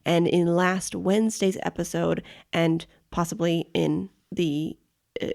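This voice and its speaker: An American woman co-hosting a casual travel podcast, chatty and quick to laugh. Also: lowish voice, little pitch movement, gravelly, a little mellow. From United States. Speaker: podcast co-host.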